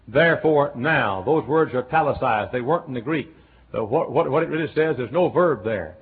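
A man preaching a folksy revival sermon that swings between quiet, chatty asides and loud shouting. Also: mid-range voice, slightly rough. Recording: tinny lo-fi sermon tape.

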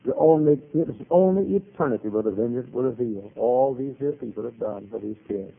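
A man preaching a sermon as pastor, animated, dropping to quiet asides and rising to shouted retellings. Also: medium pitch, fairly quick, vocal fry. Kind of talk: revival-style sermon. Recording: tinny phone-like old sermon recording.

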